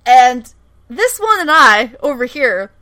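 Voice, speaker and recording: Bubbly high-voiced woman, lively and giggly. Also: slow pace. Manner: giggly, animated, acts out characters' lines, swears freely. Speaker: podcast co-host. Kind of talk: casual chat recapping a TV episode.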